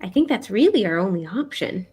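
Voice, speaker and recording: A woman's voice: medium pitch, very animated, brisk, a little mellow, slight background noise. A woman playing a tabletop game, speaking in a thoughtful, hesitant way. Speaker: player.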